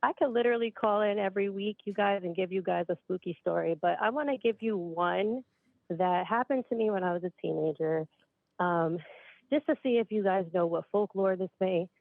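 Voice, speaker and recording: This upstate New York caller, late twenties, has a gravelly mid-range voice and talks fairly quickly as she tells a spooky story. Chatty and slightly out of breath, she calls listeners "you guys," over a dry, tinny line with no echo.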